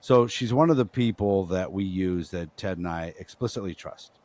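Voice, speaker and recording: A man's voice: low voice, moderate pace, a little mellow, no room sound. A man co-hosting a podcast, talking casually and rambling with frequent fillers. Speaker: podcast co-host.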